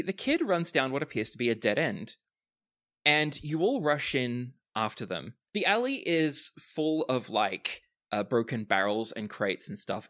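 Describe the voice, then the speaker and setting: Lively man narrating a tabletop game. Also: mid-range voice. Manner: lively, hesitant with fillers. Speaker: game master.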